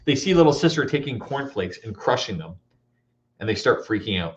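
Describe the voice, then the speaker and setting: Animated man giving a school motivational talk. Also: lowish voice, brisk. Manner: animated, storytelling, audience questions. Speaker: motivational speaker. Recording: dull lo-fi recording.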